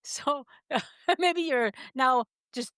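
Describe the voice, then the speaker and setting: A woman's voice: high-pitched, drawn-out words, a bit bright, clean tone, no room sound, clean studio sound. A woman hosting a podcast interview, speaking frankly and matter-of-factly. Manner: frank, matter-of-fact, with short listening sounds. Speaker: podcast host. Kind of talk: casual interview chat.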